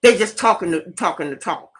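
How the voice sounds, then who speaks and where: A woman's voice: lowish voice, animated, fairly quick, breathy edge. A middle-aged woman, hosting her own channel in a fiery, profane monologue that hammers points home by repeating them. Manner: fiery, preachy, profane, repeats herself for emphasis. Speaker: channel host. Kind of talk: impassioned monologue.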